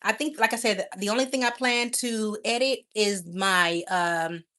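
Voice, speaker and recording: A woman's voice: mid-range voice, moderate pace, sharp tone. A woman hosting a casual livestream, chatting affectionately with viewers and laughing often. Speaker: livestream host.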